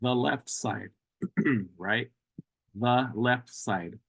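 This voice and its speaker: A man teaching an online language class, patiently repeating words slowly for learners over a video call. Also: medium pitch, vocal fry, fairly bright tone, slightly rough, no echo.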